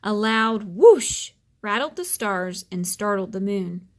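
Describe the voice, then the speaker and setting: A woman reading a children's story aloud in a gentle, expressive way. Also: medium pitch, slow.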